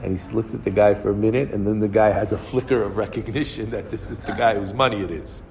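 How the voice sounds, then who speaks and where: A man giving a storytelling sermon, animated and acting out the characters as he goes. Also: on the low side, fast, creaky, big-room sound, a little hiss or hum. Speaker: speaker giving a Torah talk.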